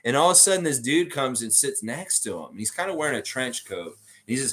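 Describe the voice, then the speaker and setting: A man hosting a live basketball stream, chatting with viewers and telling an improvised story, slipping into quick character voices. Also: mid-range voice, lively intonation, a bit bright. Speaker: sports podcast host.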